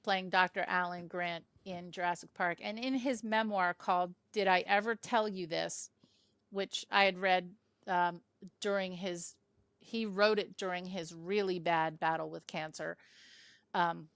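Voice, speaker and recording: A woman's voice: fairly low pitch, fairly even intonation, a little slow, fairly bright tone, smooth, dry recording. A woman hosting a casual film review chat over a video call, rambling with asides and fillers. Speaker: film club host.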